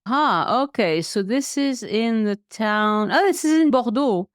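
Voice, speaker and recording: A woman's voice: fairly high pitch, lively intonation, unhurried, smooth, no room sound. Woman hosting a chat, friendly, hunts for words now and then, dry sound. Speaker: podcast host. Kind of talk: conversational interview.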